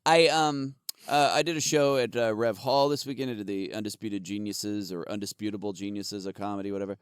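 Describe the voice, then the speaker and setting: A man's voice: on the low side, steady tone, brisk, smooth, dry recording, studio quality. Laughing, rambling man telling stories. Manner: laughs a lot, swears, rambling storytelling. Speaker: podcast co-host and comedian. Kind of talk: casual chat.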